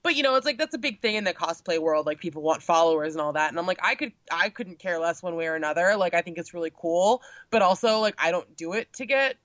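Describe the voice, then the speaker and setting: Young woman, casual chatty guest, lowish voice, lo-fi dry sound. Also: quick pace, few pauses, no echo. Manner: chatty, lots of filler words, animated when quoting. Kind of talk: casual chat. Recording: dull lo-fi sound.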